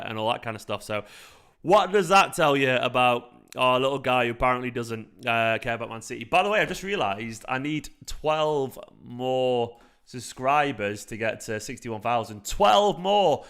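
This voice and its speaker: Chatty Manchester lad on a live stream. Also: male voice, medium pitch, clear, resonant tone. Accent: light Manchester. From South Manchester, England. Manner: rambling, animated, swears freely, frequent fillers. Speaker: football fan channel host. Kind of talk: casual live-stream chat.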